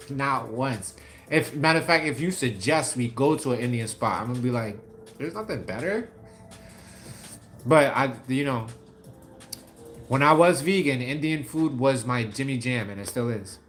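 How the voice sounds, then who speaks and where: A man from New York City with a New York accent, hosting a casual livestream and chatting with viewers in lively slang. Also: medium pitch. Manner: animated, slangy, laughs often, talks to viewers by name. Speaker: livestream host. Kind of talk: casual live chat reading comments.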